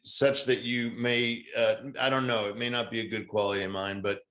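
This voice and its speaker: A man's voice: on the low side, moderate pace. Wry, rambling man in an echoey room. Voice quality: rambling, wry, deadpan storytelling. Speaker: podcast co-host. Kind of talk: casual podcast chat. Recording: roomy echo.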